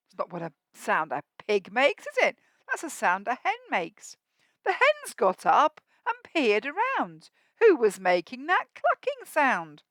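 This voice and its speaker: A woman with a high, very lively voice reads a rhyming storybook aloud to young children, stopping to ask them questions and get them joining in. She reads slowly and expressively, and the sound is dry and close. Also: dry recording. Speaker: teacher reading to a school assembly.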